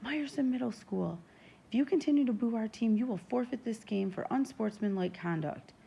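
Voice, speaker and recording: A big, commanding father, loud and firm, as a woman narrator reads him. The voice is low and gravelly, with a dark, mellow tone. He speaks like someone used to being obeyed. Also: moderate pace.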